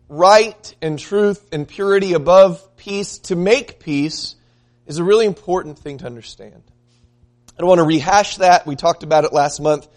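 A man preaching a Bible lesson in an earnest, conversational way, slowing down to stress key phrases. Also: high voice. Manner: earnest, conversational teaching with emphatic slowed phrases. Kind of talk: sermon-style Bible lesson.

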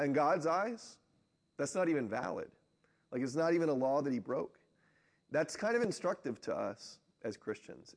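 A man leading a group Bible study, reading scripture aloud and discussing it conversationally, often tagging on questions like "right?". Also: on the high side. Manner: conversational, asks rhetorical questions.

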